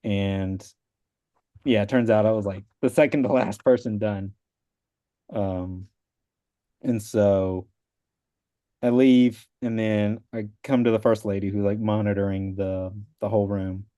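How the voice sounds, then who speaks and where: A man's voice: fairly low pitch, steady tone, a little slow, pauses often, dark tone, no echo, studio quality. A man, a father with a wife and young kids, casually telling the story of passing his exam on a video call, rambling with lots of "like" and acting out the people he quotes. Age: adult with a wife and young kids. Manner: rambling, full of "like", acts out quoted voices. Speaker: exam passer sharing his story as a guest.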